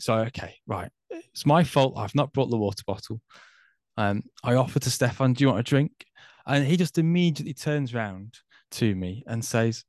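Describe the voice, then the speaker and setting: A man's voice: mid-range voice, lively intonation, moderate pace, no room sound, studio quality. A man in his thirties talks reflectively about faith and generosity, hesitating often with fillers. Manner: thoughtful, hesitant, many fillers. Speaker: guest.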